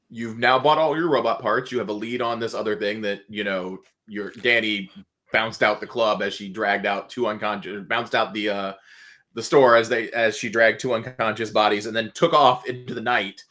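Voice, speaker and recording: Guy gm on a stream, kinda low voice but bright and forceful, rambly and laughing along. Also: normal speed. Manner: casual and rambling, with many restarts and chuckles. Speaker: game master. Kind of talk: running a tabletop game on a livestream.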